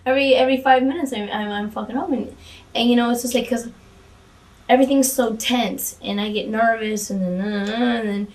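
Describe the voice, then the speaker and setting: Her voice sits fairly high with a darkish tone, steady and a little fast, recorded far from the mic. She's a former wrestling valet giving a casual, candid interview, frequently restarting sentences and swearing freely.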